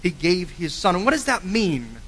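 A man preaching a sermon with earnest emphasis, swinging from forceful lines to quiet, low endings. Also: sing-song, moderate pace, slight background noise. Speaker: pastor. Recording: long hall reverb.

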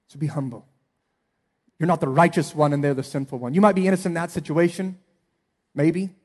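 A man in his thirties, a pastor preaching a sermon in an earnest way, dropping soft and then rising to emphatic appeals. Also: on the high side.

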